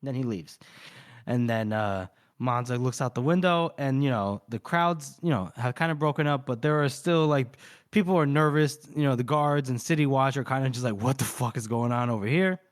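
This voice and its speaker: Male podcast co-host, mid-pitched and even, laid-back plot recap for a book chat. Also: moderate pace. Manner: retells the plot in a loose conversational way. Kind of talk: casual book discussion.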